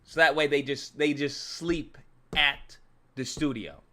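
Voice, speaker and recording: Ranting, bright-voiced young man. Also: fairly high pitch, a little slow. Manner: profane, exasperated ranting with mocking put-on voices. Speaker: channel host. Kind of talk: casual ranting commentary.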